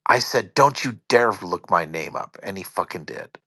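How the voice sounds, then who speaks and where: A man in a casual online voice chat, telling a long story in an animated, profane way. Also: sits low, moderate pace, dry recording.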